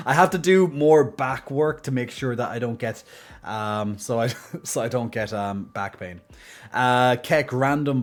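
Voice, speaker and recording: Man with a mild Irish accent, joking around. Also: mid-range voice. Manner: playful and jokey, laughs often. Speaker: live streamer. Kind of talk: casual chat.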